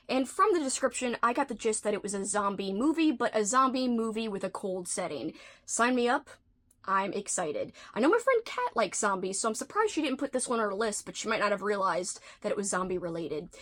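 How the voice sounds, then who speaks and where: A woman's voice: a little high, fairly bright tone. A woman hosting a casual vlog, chatting in a playful, talkative way and slipping into whispered asides now and then. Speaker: video host.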